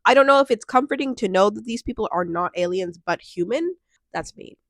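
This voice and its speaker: A young woman chatting casually at home on her couch as she recaps a reality show, animated and laughing often. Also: medium pitch, a little fast, no room sound, studio quality. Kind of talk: casual chat.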